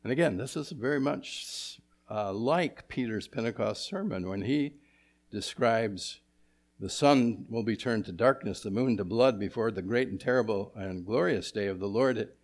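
A man preaching an expository sermon as pastor, asking his congregation rhetorical questions and moving between emphatic and hushed delivery. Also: on the low side, normal speed.

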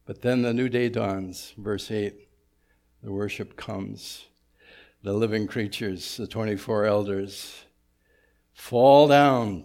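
Low-voiced preacher with humorous asides. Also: male voice. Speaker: pastor. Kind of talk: sermon.

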